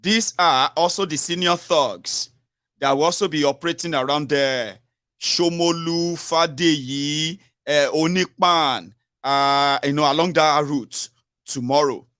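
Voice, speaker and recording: A man with a Nigerian accent hosts a political call-in show in a clean, dry studio recording. His voice sits on the high side and is a bit bright, and his pace is measured. He speaks urgently and repeats himself, leaning on fillers and tags like "oh" and "sure you get".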